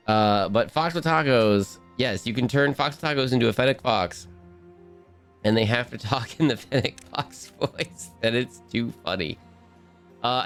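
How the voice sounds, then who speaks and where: A man's voice: lowish voice, clean tone. A man streaming a game live, chatting casually and bubbly, rambling and restarting his sentences.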